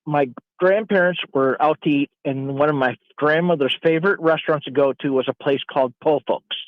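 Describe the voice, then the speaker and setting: A male caller, a Navy veteran, tells a meandering story full of restarts and asides. His voice is a little high and comes through a thin phone line, dry and close. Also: fairly quick, dry recording. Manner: rambling storyteller with many restarts. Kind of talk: casual chat.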